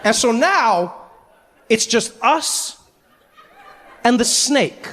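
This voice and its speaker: A man doing stand-up storytelling in a big theater, animated and jumping between voices. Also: extremely high pitch, very slow, a little hiss or hum. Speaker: stand-up comedian. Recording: live hall with long reverb.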